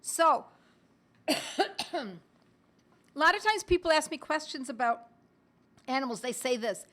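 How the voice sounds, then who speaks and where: Middle-aged woman hosting a live stream, fairly high voice, chatty, calls viewers "my friends", clears her throat now and then. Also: lively intonation, measured pace, pauses often, fairly bright tone. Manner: chatty, addresses viewers as "my friends", reads comments aloud; occasional coughs and throat clearing. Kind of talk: casual live-stream teaching.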